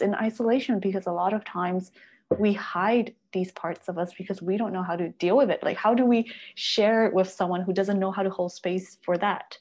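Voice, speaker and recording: A woman's voice: mid-range voice, a little mellow. A woman hosting a podcast, reflecting on her guest's story in an affirming way. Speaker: podcast host. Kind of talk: reflective conversation and read promo.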